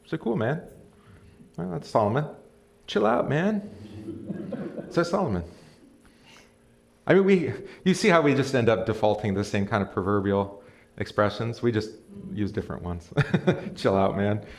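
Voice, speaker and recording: A man with a fairly low voice and some vocal fry teaches a casual Bible study at normal speed. As pastor, he chats with the room, reads passages out and throws questions to the group with an occasional chuckle. The setting is a church or classroom, recorded on a live stream mic.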